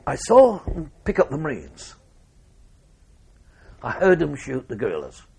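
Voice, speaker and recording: An older man, telling an interviewer his wartime memories in a measured way, with pauses and restarts. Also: on the high side, huge pitch swings, creaky, darkish tone, breathy edge. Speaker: war veteran interviewee. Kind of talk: oral history interview.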